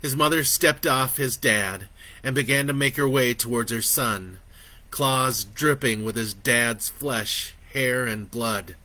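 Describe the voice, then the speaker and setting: A man narrating his own horror story in a slow, expressive way that builds in intensity. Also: medium pitch, no room sound.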